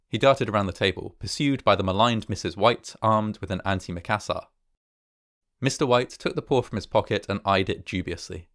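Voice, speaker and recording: A man narrating a classic horror story in a measured, even way. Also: lowish voice, no echo, clean studio sound.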